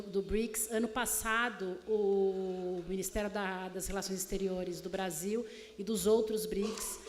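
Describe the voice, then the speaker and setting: A woman from Brazil moderates a panel, cutting in with quick, casual remarks. Her mid-pitched voice trails a long hall reverb, with a faint murmur of noise behind her. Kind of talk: moderating a festival debate.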